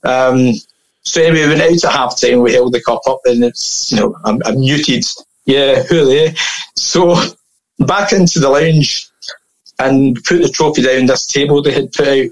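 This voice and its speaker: A man's voice: mid-range voice, moderate pace, low-quality recording. A man telling anecdotes as a podcast guest in a casual, chatty way, laughing often and full of fillers and restarts.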